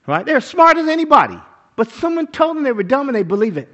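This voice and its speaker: Animated high-voiced male preacher. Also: quick pace, lo-fi sound. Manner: animated, rhetorical questions, acts out quotes. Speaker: pastor. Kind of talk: sermon.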